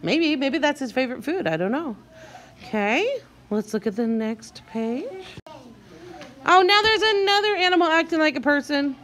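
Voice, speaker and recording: With a bright, high voice, a woman guides young children through a reading lesson. She keeps things animated and encouraging, slowing down for each tricky word to sound it out and prompting the class to read along.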